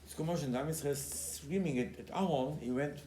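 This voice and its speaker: A man who is a rabbi, giving a Torah class as an animated storyteller who acts out quotes and repeats his key points. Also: a little high, fairly quick. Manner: emphatic, repeats key phrases. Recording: roomy recording with faint background noise.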